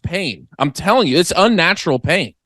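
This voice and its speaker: A young man with a high voice co-hosts a comedy podcast, speaking at a moderate pace with no echo. In casual chat he tells exaggerated stories in an animated way.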